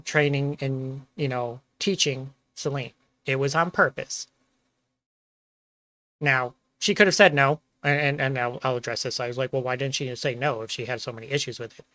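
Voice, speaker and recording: A man with a bright, slightly high voice hosts a casual stream. He explains the story eagerly and laughs easily. The sound is close and dry. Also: no echo. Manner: energetic, laughs a lot, thanks chat. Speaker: Twitch streamer host.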